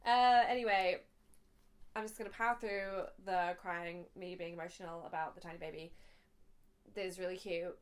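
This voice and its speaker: A woman's voice: fairly low pitch, steady tone, moderate pace. Chatty young woman vlogger. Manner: gushing, chatty, easily emotional. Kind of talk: casual haul vlog.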